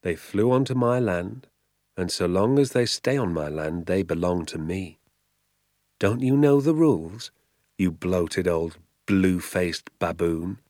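A man voicing a calm father who answers an angry neighbour quietly and steadily. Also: low-pitched, unhurried, no room sound, clean studio sound.

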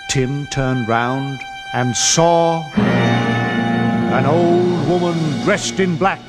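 Brief: expressive male narrator, high and lively, music playing behind. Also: slow. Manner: animated, expressive storytelling. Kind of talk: storybook reading.

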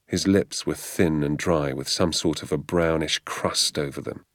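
Man, audiobook narration, steady storytelling, very deep voice, dry close recording. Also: a little slow, no echo.

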